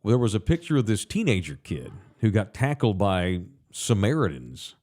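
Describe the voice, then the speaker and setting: Male podcast co-host, casual and animated, a lively up-and-down voice. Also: moderate pace. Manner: animated, swearing, pitches ideas excitedly.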